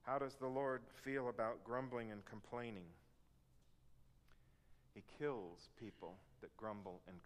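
Male preacher, mid-pitched, earnest sermon, long hall echo. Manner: earnest, emphatic, acts out complaints in raised voice. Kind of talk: sermon with scripture reading.

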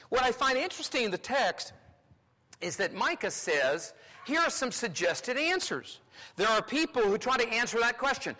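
A male pastor from North Carolina preaching a sermon, swinging between loud exclamations and hushed asides. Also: very high voice, very animated, moderate pace. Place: large church sanctuary. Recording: long hall reverb.

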